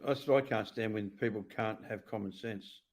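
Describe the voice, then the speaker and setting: A man's voice: lowish voice, normal speed. A middle-aged Australian man talking bluntly and profanely in casual conversation. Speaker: former prisoner sharing his story.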